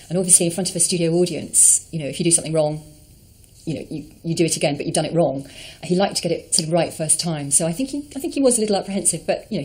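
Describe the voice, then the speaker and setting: A middle-aged woman with a low voice reminisces in an interview. She talks fondly and hesitantly, with many pauses and fillers. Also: a little mellow. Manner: fond, hesitant, full of ums and you knows.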